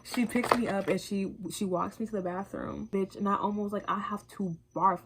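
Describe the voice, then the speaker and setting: A young woman vlogger telling a casual, animated storytime, full of swearing and acted-out quotes. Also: mid-range voice, a little fast, hardly any pauses, slightly rough. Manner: animated, profane, quoting herself in voices.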